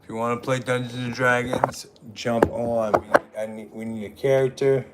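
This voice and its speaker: A man's voice: medium pitch, flat delivery, normal speed, very noisy. A man hosting a live stream, chatting with viewers in a crude, goofy and chaotic way. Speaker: livestream host. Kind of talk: rambling live-stream chat. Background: music.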